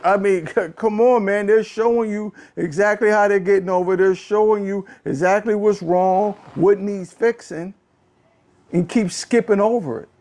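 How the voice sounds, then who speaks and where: A man hosting a casual political talk show, ranting in an animated, exasperated way, often repeating phrases and swinging from low muttering to a raised voice. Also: moderate pace. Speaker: podcast host. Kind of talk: casual political commentary rant.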